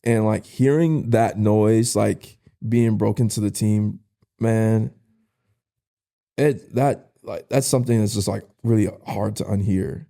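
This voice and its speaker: Deep gravelly young man telling a story. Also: dark tone. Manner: casual, uses slang like "bro"; emotional, halting retelling. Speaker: podcast guest. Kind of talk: personal storytelling.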